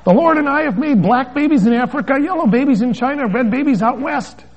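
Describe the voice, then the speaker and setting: A man's voice: very high-pitched, lively intonation, a little fast, voice pushed up. A man doing a gushing, bossy old faith healer woman. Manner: sugary and commanding. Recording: dull lo-fi recording.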